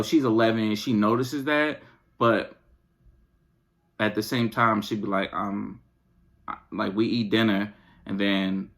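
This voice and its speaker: A parent hosting a podcast, venting comically in casual slang, who swings from low mumbling to loud outbursts. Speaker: podcast host; parent of young children and an eleven-year-old. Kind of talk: comedic venting monologue.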